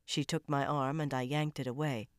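Low-voiced woman narrating a tense thriller. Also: little pitch movement, normal speed, smooth, no echo, clean studio sound. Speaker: audiobook narrator. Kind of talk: first-person audiobook narration.

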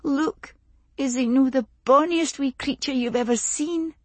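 A woman's voice: sits high, unhurried, dry recording, voice pushed up. A woman doing a doting young Scottish mother. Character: cheerful young Scottish new mother, proud.

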